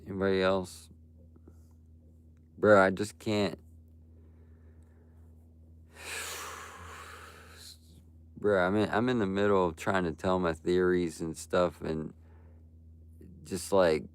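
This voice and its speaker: A young man with a very low, gravelly voice that still sounds smooth and resonant, talking live to his chat. He rants bluntly and profanely. His speech is loose and casual. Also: flat delivery, measured pace, pauses often. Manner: ranting, blunt and profane, frequent "bro" and "like". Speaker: livestreamer. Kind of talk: live stream talk to chat.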